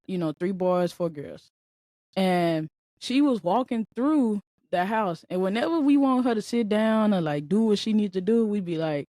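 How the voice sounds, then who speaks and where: A woman hosting a podcast in a casual, slangy monologue, talking in an animated way and laughing often. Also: medium pitch, no echo. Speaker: podcast host.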